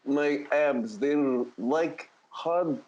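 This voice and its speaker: A man voicing a towering, proud male lizardfolk warrior who speaks slowly and menacingly, on a dull lo-fi mic. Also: fairly high pitch, a little mellow, pitched above the performer's own voice.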